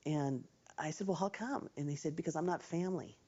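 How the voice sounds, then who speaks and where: A woman's voice: sits low, a little fast, dark tone. A middle-aged woman, a mother in a documentary interview, retelling events with emotion and animation. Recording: dull lo-fi sound.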